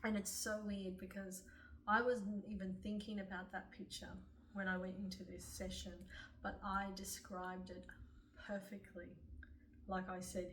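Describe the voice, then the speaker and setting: A woman, an author earnestly retelling a personal story with frequent fillers. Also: mid-range voice. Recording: distant mic, faint room noise.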